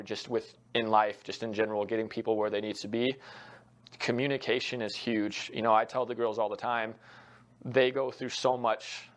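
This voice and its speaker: A young man who is a college soccer head coach answers interview questions earnestly and reflectively. His voice sits low and stays fairly flat, and he relies on frequent fillers while working through his thoughts.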